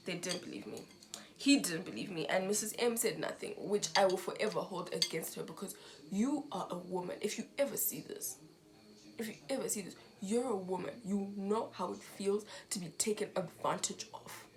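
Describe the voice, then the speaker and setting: Young woman, from Zimbabwe, storytime vlogger, emotional, animated, quotes people as she talks. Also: mid-range voice, normal speed. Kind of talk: storytime vlog.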